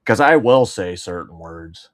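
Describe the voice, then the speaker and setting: A man's voice: low-pitched, expressive, measured pace. A man co-hosting, cracking sarcastic, profane jokes in casual chat. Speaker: co-host.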